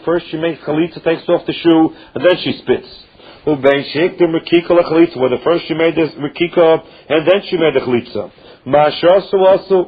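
A man a slightly raised, husky voice leads a class in a cadence. He works through the text line by line, dropping Hebrew and Aramaic terms in as he goes. The sound is dull and muffled, like a lo-fi radio recording. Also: on the high side. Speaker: Talmud teacher. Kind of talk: Talmud study class.

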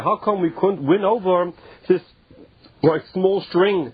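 A man teaching a Talmud class, reading phrases slowly and then explaining them casually with many "like"s. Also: high voice, husky, no room sound. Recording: muffled, dull and dry lo-fi recording.

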